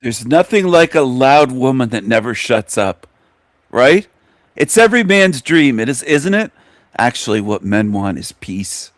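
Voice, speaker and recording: A man's voice: medium pitch, big pitch swings, measured pace, dry recording. A man hosting a show, mocking a video he is watching in a scornful, insulting rant. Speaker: host reacting to a video. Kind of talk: mocking live commentary.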